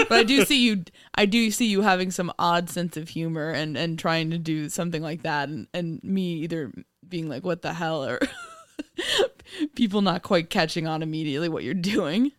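A woman's voice: fairly low pitch, expressive, moderate pace, no room sound. A playful young woman talks through an old film with her co-host, breaking into laughter every few lines. She sits close to the microphone in a dry, deadened space with no room sound at all. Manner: giggly, laughs often, playful. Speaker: podcast co-host. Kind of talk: casual movie chat.

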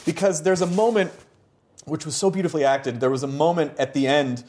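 A man's voice: fairly high pitch, fairly even intonation, a little fast, darkish tone. An American man hosting a podcast, chatting casually and animatedly with a guest. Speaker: podcast host. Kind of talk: casual interview chat.

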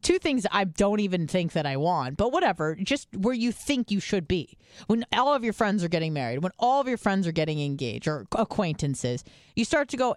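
A woman's voice: fairly low pitch, sing-song, normal speed, no room sound, clean studio sound. A woman co-hosting a podcast, telling stories in casual chat and swearing freely. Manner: chatty storytelling, swears freely. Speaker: podcast co-host.

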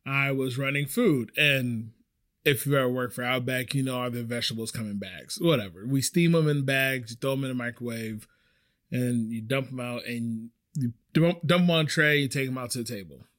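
A young man hosting a podcast, telling a rambling, animated story about a bad work shift, swearing casually as he goes. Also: mid-range voice, moderate pace. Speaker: podcast host.

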